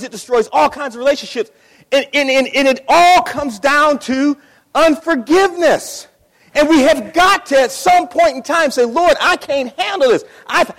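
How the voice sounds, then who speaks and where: A pastor with an extremely high-pitched, fairly bright voice preaches passionately, repeating his phrases and acting out the voices in his story. The recording carries the long reverb of a large hall.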